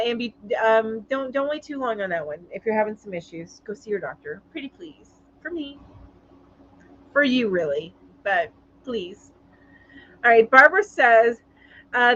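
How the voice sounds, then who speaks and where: Woman, live-stream host, chatty and sympathetic, fillers and pauses, fairly high voice, dull lo-fi sound. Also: a bit bright. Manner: chatty, sympathetic, halting with many ums. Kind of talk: casual live-stream chat, reading viewer comments aloud.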